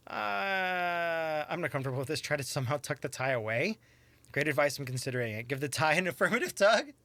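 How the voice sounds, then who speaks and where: A man's voice: a little high, animated, a little fast, pushed and bright. A man streaming a detective game, reading the text aloud with playful, swearing reactions. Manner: playful, swears, laughs often. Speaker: let's play streamer.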